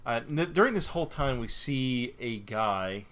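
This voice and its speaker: A man's voice: mid-range voice, animated, measured pace, a bit bright. A man co-hosting a podcast, retelling a film plot step by step in casual chat, sometimes exasperated by interruptions. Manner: methodical, slightly exasperated. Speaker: podcast co-host.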